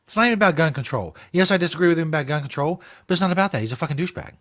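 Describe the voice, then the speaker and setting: A man's voice: fairly high pitch, animated, very fast, a bit bright. A man hosting a comedy show, ranting and mocking with heavy swearing. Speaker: host. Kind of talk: profane comedic rant.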